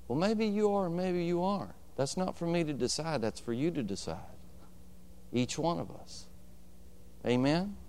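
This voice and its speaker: Resonant-voiced man preaching a sermon. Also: mid-range voice. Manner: storytelling, calling out to the congregation for agreement. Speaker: pastor.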